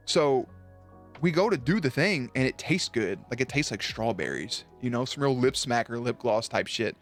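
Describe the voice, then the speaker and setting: A man's voice: mid-range voice, animated, normal speed, a bit bright, soft background music. A young man streaming live, telling stories to his chat in a casual, profane and laughing way.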